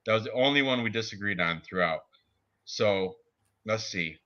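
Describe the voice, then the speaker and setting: A man co-hosting a casual sports betting chat, talking excitably and laughing at his own jokes. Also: on the low side, moderate pace, muffled recording. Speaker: podcast co-host.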